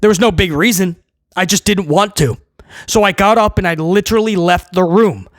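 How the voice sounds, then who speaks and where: A man giving a blunt, sarcastic, exasperated solo review, breaking into loud comic outbursts to mock what he saw. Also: high voice, normal speed, dry recording, clean studio sound. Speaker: wrestling show reviewer.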